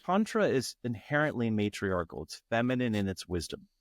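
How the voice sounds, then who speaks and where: A man's voice: mid-range voice, sing-song, a little fast, no echo, clean studio sound. A man speaking as a guest in an interview, earnest and searching, often restarting his phrases. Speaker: guest, tantra facilitator. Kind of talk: reflective interview talk.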